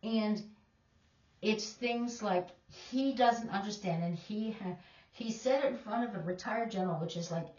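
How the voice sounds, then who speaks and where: A woman's voice: mid-range voice, a little slow, a little mellow. Emphatic woman in an echoey room. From Canada. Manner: emphatic, opinionated. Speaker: teacher. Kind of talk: casual commentary. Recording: distant, echoey, dull lo-fi.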